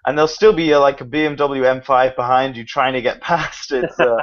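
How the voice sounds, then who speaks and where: A man telling a story in a relaxed, casual chat, with some fillers. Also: mid-range voice, a little fast, muffled recording. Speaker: motovlogger guest.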